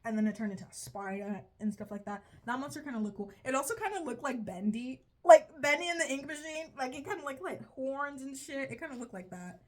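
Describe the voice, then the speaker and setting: High-pitched and lively in intonation, this young woman talks fairly quickly with hardly any pauses. She's a video creator reviewing a show in a rambling, casual, profane commentary, frequently breaking off mid-sentence to laugh at herself.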